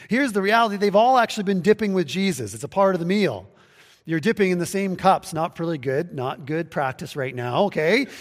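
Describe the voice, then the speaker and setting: A pastor giving a conversational sermon, with restarts and acted-out quotes. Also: male voice, high-pitched, in a large hall. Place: church sanctuary, livestreamed.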